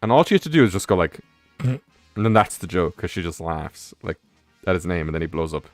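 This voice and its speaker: A man's voice: deep voice, very animated, fairly quick, no room sound, soft background music. A young man streaming a game, rambling casually with many fillers and curse words. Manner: rambling, heavy on fillers, profane. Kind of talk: casual rambling commentary while gaming.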